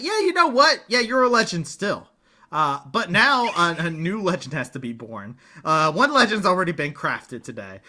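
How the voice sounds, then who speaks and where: A young man commentating a live fighting-game match, excitable and jokey, often laughing with his co-caster. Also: on the high side. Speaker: esports commentator.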